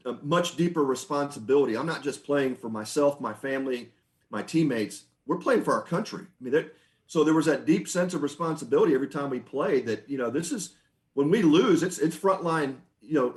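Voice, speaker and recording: Man, middle-aged, podcast guest, relaxed storytelling, chatty. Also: on the high side. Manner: relaxed, anecdotal, frequent restarts and laughs. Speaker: podcast guest, former pitcher. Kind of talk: conversational storytelling.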